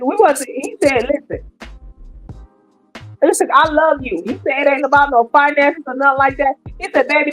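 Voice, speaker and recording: Middle-aged woman, high voice, live-stream host talking to her chat, faint music under her. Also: rough recording. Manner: animated, talks to her viewers. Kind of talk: casual live-stream commentary.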